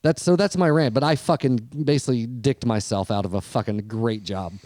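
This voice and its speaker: A man co-hosting a podcast in casual chat, telling stories with lots of swearing and animated rants. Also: mid-range voice, a little fast, no room sound, studio quality. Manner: profane, animated ranting storyteller. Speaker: podcast co-host.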